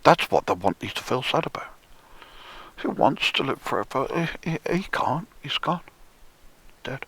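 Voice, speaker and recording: A man delivering a profane, sneering monologue, often dropping into hushed whispers for emphasis. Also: medium pitch, sing-song, moderate pace, slightly rough. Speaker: conspiracy commentator. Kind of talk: ranting monologue.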